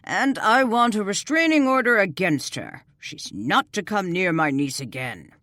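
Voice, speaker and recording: A woman's voice: mid-range voice, very animated, a little slow, fairly bright tone, no room sound, voice pushed up. A woman voicing a stern, indignant older man in an audiobook.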